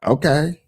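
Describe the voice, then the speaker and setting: A man's voice: a little high, mellow, slightly rough, no echo, studio quality. A man hosting a casual livestream show, talking emphatically and directly to his viewers.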